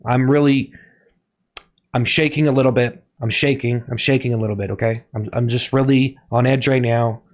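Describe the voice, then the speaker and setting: A man streaming live in a comic persona, giving a melodramatic mock confession, halting and repeating himself while he keeps telling his chat to be quiet. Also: mid-range voice, steady tone.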